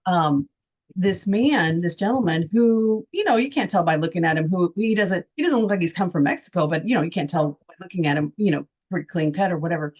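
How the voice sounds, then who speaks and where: A woman's voice: fairly low pitch, expressive, fairly quick, few pauses, darkish tone. Woman from Texas, emphatic talk-show co-host, rhetorical questions, casual political chat.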